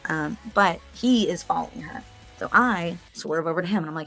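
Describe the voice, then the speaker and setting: Chatty young woman, lowish voice. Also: normal speed, creaky, faint music behind. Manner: animated, chatty, laughs often, swears. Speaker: interview guest. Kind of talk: casual storytelling.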